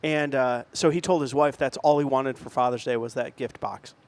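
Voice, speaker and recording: A man co-hosting a podcast who retells stories in a lively way, laughing and putting on voices. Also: mid-range voice, moderate pace. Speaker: podcast co-host. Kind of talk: casual chat.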